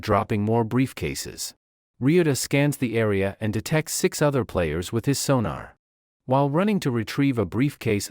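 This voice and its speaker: A man reads out an anime plot recap in an even, scripted narrating voice. His pitch sits in an ordinary middle range for a man. The sound is close and dry, with no room around it. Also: no echo.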